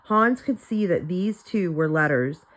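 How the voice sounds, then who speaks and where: A woman's voice: on the low side, lively intonation, a little slow, low-quality recording. A woman reading a chapter of a children's novel aloud for students, with light character voices and a few small slips.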